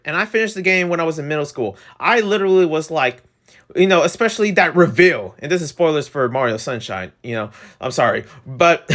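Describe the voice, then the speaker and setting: A young man reviewing a video game in a rambling, excitable way, full of fillers. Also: high-pitched.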